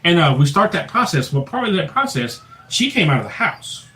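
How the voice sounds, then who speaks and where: A man telling a ghost story in a casual chat, swearing freely and dropping to a low hush for the tense moments. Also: fairly quick, rough recording. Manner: profane, animated storyteller who drops to a low hush for the tense parts. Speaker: paranormal investigator guest.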